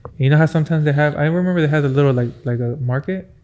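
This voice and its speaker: A man co-hosting a podcast, telling a long story in a loose, swearing, animated way. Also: a little high, rapid-fire, dull audio. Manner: profane, animated anecdote telling. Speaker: podcast co-host. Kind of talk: casual storytelling.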